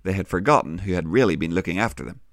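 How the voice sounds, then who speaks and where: A middle-aged man with a Northern Irish accent who hosts a children's Bible podcast, explaining things gently and patiently. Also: sits low, expressive, fast talker, no room sound, studio quality. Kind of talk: warm scripted kids' Bible teaching.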